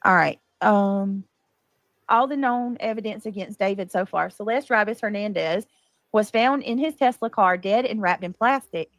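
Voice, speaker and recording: A woman's voice: medium pitch, moderate pace, dry recording. Dry-voiced woman host reading aloud. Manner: reads out then adds defensive asides to chat. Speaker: live-stream host. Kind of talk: reading posts aloud with live commentary.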